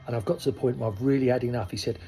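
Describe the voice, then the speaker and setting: A koi dealer in his sixties talks frankly and casually to his viewers on camera, rambling through asides. His mid-range voice holds a steady tone while he races along, with soft soul music in the background.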